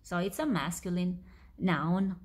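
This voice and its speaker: A woman's voice: fairly low pitch, steady tone. Albanian-accented woman teaching patiently. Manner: patient, explains slowly with fillers and repeats words. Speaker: language teacher. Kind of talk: language lesson reading a story aloud.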